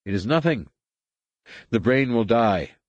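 A man voicing a subservient alien woman adept who answers quietly and carefully, in a husky voice raised a little above his own. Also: medium pitch, lively intonation, measured pace, dry recording, highs cut off, pitched above the performer's own voice, close to an everyday voice. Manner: quiet, deferential, tense.

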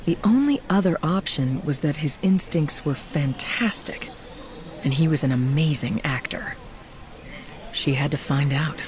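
An audiobook narrator reads in a steady, measured way at a middle pitch. The delivery is even and clear, giving the story room to unfold. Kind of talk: scripted narration.

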